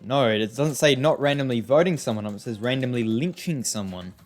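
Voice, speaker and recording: A man's voice: medium pitch, brisk, faint music behind. A young man giving casual, rambling gameplay commentary, often exasperated, with many fillers and restarts. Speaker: gaming YouTuber.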